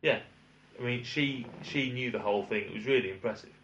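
A man's voice: medium pitch, fairly quick, fairly bright tone, slight background noise. British guy ranting about a restaurant, lo-fi and roomy sounding. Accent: British English. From Britain. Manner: rambling, exasperated ranting with swearing. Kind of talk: casual chat, anecdote. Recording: roomy, distant, dull lo-fi sound.

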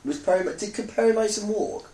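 A man's voice: high-pitched, fast talker, warm tone, recorded from a distance. Man joking dryly, off-mic in an echoey room. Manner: dry, hesitant humor. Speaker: podcast co-host. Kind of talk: casual chat. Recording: roomy sound, somewhat off-mic.

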